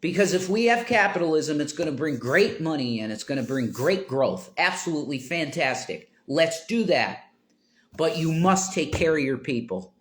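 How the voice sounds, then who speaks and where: A man's voice: fairly high pitch, animated, moderate pace. Worked-up swearing male streamer. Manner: worked-up, swearing, rising to near shouts. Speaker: live streamer. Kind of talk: ranting live stream chat.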